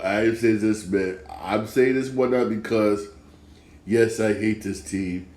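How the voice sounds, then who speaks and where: A man's voice: mid-range voice, echoey room. A man hosting a sports talk show, rambling in a casual rant full of repeated filler words and mocking rival fans.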